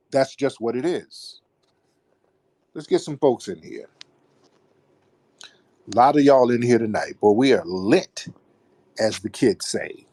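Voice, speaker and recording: A man's voice: medium pitch, dark tone, slightly rough. A commanding man runs a live call-in show. He talks in a blunt, scolding way, and his voice jumps up and down a lot. The sound is dry, with no room echo. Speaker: host.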